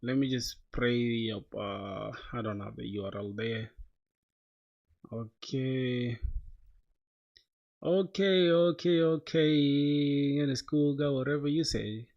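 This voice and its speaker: A young man livestreams while he codes, chatting loosely with viewers in slang and saying "bro" a lot. His mid-range voice has fairly even intonation and some vocal fry, and he speaks unhurriedly. The audio sounds dull.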